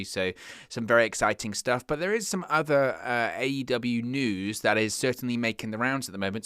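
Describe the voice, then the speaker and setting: A man's voice: mid-range voice, fairly bright tone, clean tone, no room sound, clean studio sound. A young man hosting a wrestling news show, talking earnestly and stumbling over words when he gets worked up. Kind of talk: casual news commentary.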